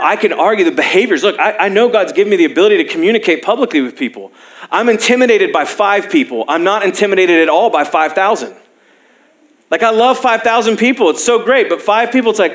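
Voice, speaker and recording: High-voiced pastor telling stories in a sermon. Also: male voice. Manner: animated storytelling, self-deprecating humor, frequent laughs.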